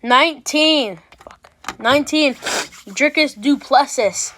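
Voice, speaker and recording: Woman host, high voice, casual rambling reaction commentary with frequent restarts and swearing. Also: moderate pace, background noise.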